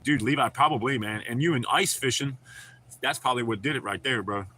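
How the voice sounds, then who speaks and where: A man hosting a livestream and chatting loosely with his viewers. His voice has a very bright, forward tone. He laughs often and swears freely, with a faint hiss of noise under the audio. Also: medium pitch, a little fast. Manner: profane, laid-back, laughs often. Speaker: livestream host. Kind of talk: casual livestream chat with viewers.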